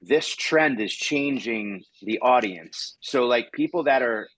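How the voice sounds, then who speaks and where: A man's voice: mid-range voice, lively intonation, takes it slowly, fairly bright tone, dry recording, rough recording. A man hosting a comedy podcast, telling stories in a rambling way with plenty of restarts. He acts out the back-and-forth of his anecdotes. The sound is close and dry, with no room around it. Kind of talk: casual chat.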